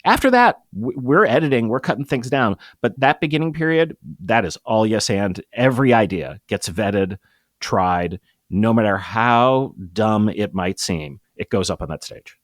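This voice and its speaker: A middle-aged man talking as a guest in an interview, explaining with emphatic, lively energy. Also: fairly low pitch, normal speed, no echo, studio quality. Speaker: guest, improv comedy producer. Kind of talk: conversational interview.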